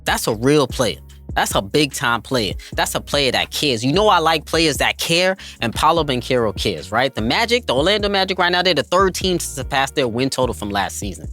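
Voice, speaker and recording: A man hosts a basketball podcast in a hyped, emphatic voice. His pitch swings widely as he pushes his points, and soft music plays underneath. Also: big pitch swings, normal speed. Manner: hyped, emphatic, addresses listeners as family. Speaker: podcast host. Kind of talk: enthusiastic basketball commentary.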